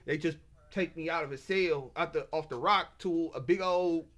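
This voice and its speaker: Brief: high-pitched man, agitated stammering monologue rant. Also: moderate pace, fairly bright tone. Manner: agitated, stammering, repeats himself. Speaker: self-published author.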